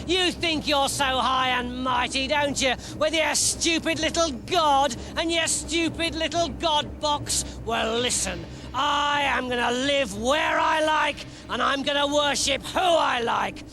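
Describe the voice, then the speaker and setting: A man's voice: extremely high pitch, slow pace, few pauses, voice pushed up, full character voice. A man voicing a hairy giant warrior who jeers and taunts his enemies. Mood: jeering. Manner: taunting, bellowing. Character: hairy giant male warrior, jeering bully. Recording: music playing under the voice.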